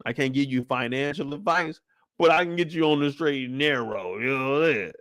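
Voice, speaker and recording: A young man hosting a loose live-stream chat, joking in heavy slang and now and then breaking into falsetto singing. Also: brisk, fairly bright tone, no room sound, studio quality. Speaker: streamer host.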